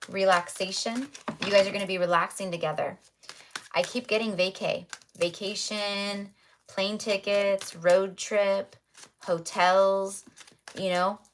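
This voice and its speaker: A woman's voice: mid-range voice, fairly bright tone, a little hiss or hum. A woman giving a livestreamed tarot reading, chatty, repeating her affirming spiritual phrases. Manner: chatty with fillers. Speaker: tarot reader.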